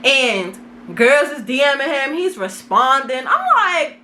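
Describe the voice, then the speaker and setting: A young woman vlogger telling a casual storytime, animated and dramatic, full of slang. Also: high voice, takes it slowly, noisy background.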